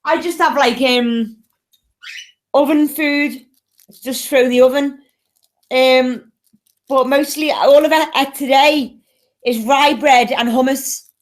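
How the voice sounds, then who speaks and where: High-voiced chatty English woman. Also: fairly even intonation, takes it slowly, pauses often. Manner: chatty, coos softly to her pet. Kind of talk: casual chat.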